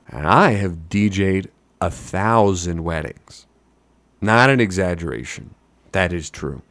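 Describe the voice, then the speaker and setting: Deep-voiced man, mock-boastful vlogger. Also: fairly bright tone, no room sound. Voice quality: deep announcer voice. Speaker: wedding DJ and hobby voice actor. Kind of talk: casual self-mocking vlog talk.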